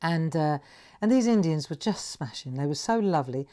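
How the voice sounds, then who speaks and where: A woman hosting a craft livestream, telling a rambling, animated story while she demonstrates. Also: deep voice, moderate pace. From England. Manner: rambling, animated anecdotes with frequent "right?".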